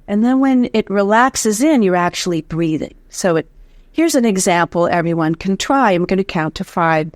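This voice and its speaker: A woman's voice: medium pitch, moderate pace, no room sound, clean studio sound. A woman voice teacher explaining breath support and the vocal folds, demonstrating as she goes in an interview. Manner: demonstrative, lively, counts aloud in breath drills.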